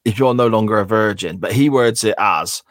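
A man co-hosting a podcast, calmly retelling the story step by step. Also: lowish voice, a little fast, no echo, clean studio sound. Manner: steady, methodical retelling with small restarts. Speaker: podcast co-host. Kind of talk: casual recap chat.

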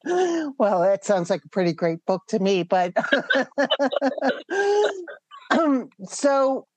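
A woman's voice: a little high, sing-song, drawn-out words, darkish tone, no echo. A woman interviewer who circles around her questions with restarts and fillers. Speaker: interviewer host. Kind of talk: conversational interview.

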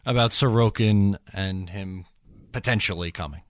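In a clean studio recording without echo, a podcast co-host with a fairly low voice speaks at a moderate pace. He rambles casually, packing his talk with fillers and overthinking things.

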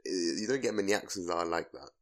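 Deep-voiced young London man, blunt banter. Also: expressive, fast talker. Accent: London English. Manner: blunt, teasing, fillers like "like". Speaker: podcast co-host. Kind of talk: casual chat.

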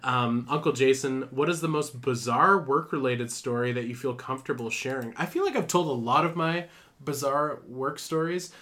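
A man's voice: mid-range voice, moderate pace, a bit bright. A young man hosting a podcast in casual chat, telling rambling stories with frequent laughs and fillers. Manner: laughs often, loose storytelling with many fillers. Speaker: podcast host.

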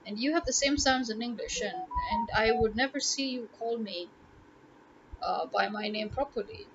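A woman's voice: fairly high pitch, moderate pace, highs cut off, soft background music. A woman language tutor talking casually to camera in an emphatic way, repeating words to drive her points home.

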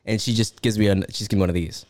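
A young man telling a story in casual chat, animated and swearing freely. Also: on the low side, racing.

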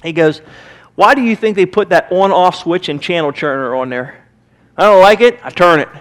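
A man's voice: high-pitched, normal speed. A man with a Midwestern American accent preaching a sermon as pastor, emphatic and conversational, acting out little quotes. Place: church sanctuary.

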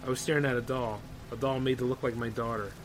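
A man's voice: medium pitch, steady tone, fast, soft background music, low-quality recording. Man casually reading horror stories. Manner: loose, conversational asides full of 'like' and 'man'. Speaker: podcast host.

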